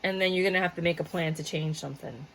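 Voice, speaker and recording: A woman does a laid-back tarot reading for her viewers, chatty and blunt, cursing freely and drifting into asides. She speaks quickly in a lowish, steady voice over a rough recording with a bit of hiss or hum.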